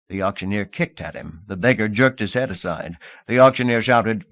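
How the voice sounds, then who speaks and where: A man reading a novel aloud as an audiobook narrator, in a measured, expressive style. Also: on the low side, no echo. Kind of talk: scripted narration.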